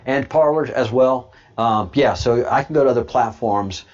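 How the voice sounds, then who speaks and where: A man hosting a livestream and answering chat, halting with many restarts, then repeating points slowly and with emphasis. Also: mid-range voice, a little mellow, lo-fi sound. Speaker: channel host.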